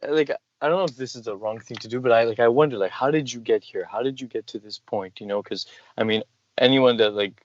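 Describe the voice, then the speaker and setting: A man's voice: medium pitch, fast, no room sound, muffled recording. A man in casual conversation who talks hesitantly, full of "like" and "um". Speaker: conversation partner.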